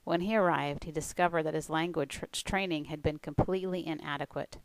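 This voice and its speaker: A woman who coaches language learners, giving a scripted presentation in a clear, steady way. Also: sits low, a little fast, no echo, low-quality recording. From United States.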